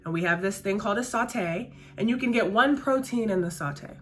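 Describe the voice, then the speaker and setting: There's a little hiss or hum behind this woman's medium-pitched voice, which moves at a normal speed. She works as a restaurant server and talks casually and emphatically as she does her makeup, circling back to her key phrases.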